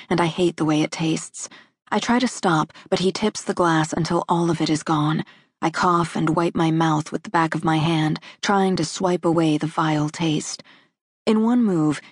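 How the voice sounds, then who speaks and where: A woman narrating a first-person romance in a measured, intimate reading. Her voice sits on the low side with a husky, breathy grain. The studio recording is dry and close, with no room around it. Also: a little mellow, no room sound. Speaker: audiobook narrator.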